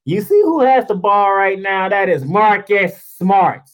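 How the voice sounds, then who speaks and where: A man's voice: high-pitched, animated, a little slow, low-quality recording. A man hosting a sports show, delivering a heated, sarcastic basketball rant full of rhetorical questions in informal, slangy speech.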